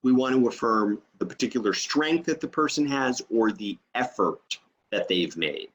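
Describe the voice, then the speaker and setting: A man's voice: lowish voice, dull audio. A man teaching an online training session over a video call, explaining step by step and checking in with "okay?".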